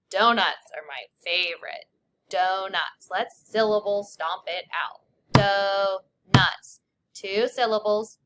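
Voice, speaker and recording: A woman teacher leading young children through a spelling lesson, sounding out letters and sounds slowly and clearly. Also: mid-range voice, pushed and bright.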